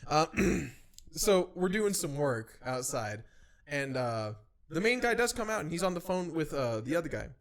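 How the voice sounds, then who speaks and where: A man in his twenties co-hosting a casual podcast chat, telling profane stories, laughing often and acting out shouting voices. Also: a little high, normal speed, creaky. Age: 20s. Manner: animated storytelling, acts out loud shouting voices. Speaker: podcast co-host.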